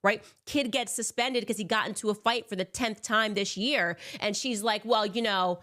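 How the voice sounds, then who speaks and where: A woman delivering opinionated political commentary in a sarcastic, animated way. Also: medium pitch, normal speed. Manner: sarcastic, animated, mocks with put-on voices.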